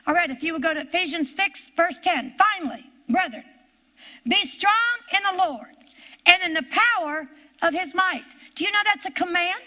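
A woman's voice: very high voice, animated, normal speed, sharp tone. A woman preaching a sermon, emphatic, repeating key phrases and drawing out her stresses.

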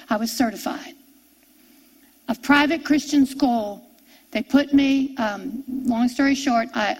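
A middle-aged woman preacher shares a personal story during her sermon, animated and repeating key phrases for emphasis. Her voice is a little high, and the recording is of low quality.

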